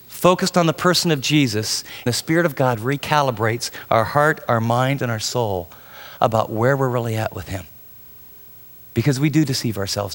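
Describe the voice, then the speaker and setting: Guy preaching, keeps asking the room questions, high-ish voice, big echoey church. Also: fairly bright tone. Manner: emphatic, asks the listeners questions. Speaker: pastor. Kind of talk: sermon.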